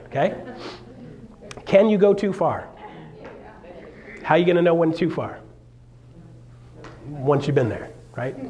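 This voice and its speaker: Energetic male realtor and seminar speaker, slightly high voice, playful with loud bursts. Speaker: realtor giving a seminar talk. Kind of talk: live motivational seminar talk. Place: stage in front of a live audience.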